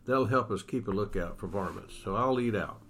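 A man reading aloud as an adult frontier cattleman scout, in a drawling, measured way. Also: fairly low pitch, fairly bright tone. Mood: steady.

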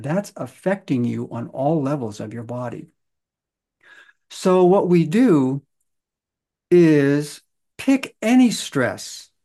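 A man's voice: medium pitch, gravelly, mellow. A middle-aged man in a casual interview, telling stories in a folksy, earnest way and stretching out words for emphasis. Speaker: guest, stress-release practitioner.

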